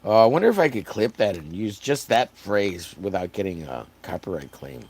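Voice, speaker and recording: A man from Texas with a hoarse, wearing-out voice, chatting casually and jokingly to his live stream audience while riffing on catchphrases. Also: fairly low pitch, big pitch swings, moderate pace, darkish tone, dry recording. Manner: joking, rambling, riffs on catchphrases.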